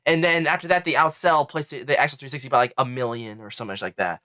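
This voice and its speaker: Bright, slightly high-voiced man rambling. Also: quick pace, hardly any pauses, dry recording, clean studio sound. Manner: rambling storytelling, acts out companies in quotes. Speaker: podcast co-host. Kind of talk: casual gaming news chat.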